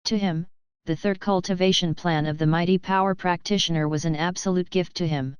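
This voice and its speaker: Lady reading an audiobook, steady, super clear voice, lowish pitch. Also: fairly quick, no echo, highs cut off. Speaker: audiobook narrator. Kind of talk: scripted narration.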